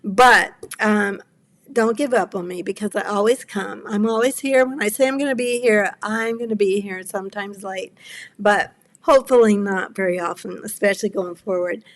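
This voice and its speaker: A woman's voice: mid-range voice, moderate pace. A woman in her seventies hosting a cardmaking livestream, chatting with viewers, apologetic and rambling, close to tears. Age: 70s. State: near tears. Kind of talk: casual chat with live viewers.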